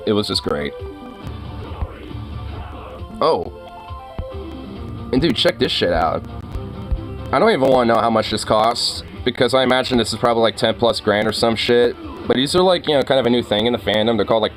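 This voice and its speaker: A young man talks casually to his viewers in a low, relaxed voice, rambling along, laughing often and swearing freely. Faint music plays behind him. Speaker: streamer.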